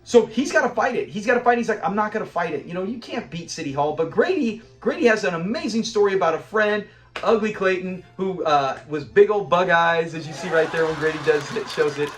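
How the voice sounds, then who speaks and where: Guy with a high voice hyped up breaking down a tv episode, laughs a lot, faint music under. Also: lively intonation, a little fast. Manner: enthusiastic, quotes characters, laughs often. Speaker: show reviewer. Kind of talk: casual episode review.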